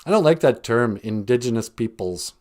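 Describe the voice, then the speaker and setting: A man's voice: mid-range voice, animated, normal speed, darkish tone. An older man hosting a podcast, joking sarcastically and laughing often as he talks. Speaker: podcast host. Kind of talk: comedic casual chat.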